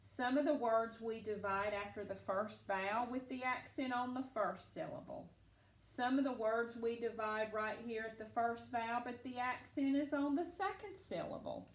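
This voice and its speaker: A woman's voice: a little high, moderate pace, roomy sound. A woman teacher giving a phonics lesson to children, patient and encouraging as she walks them through each step.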